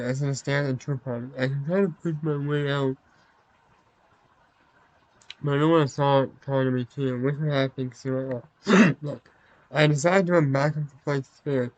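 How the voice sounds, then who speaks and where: Narrating as he plays a story game, this man talks chattily and self-consciously, adding apologetic asides. His medium-pitched voice has a darkish tone, and the recording is muffled with no echo.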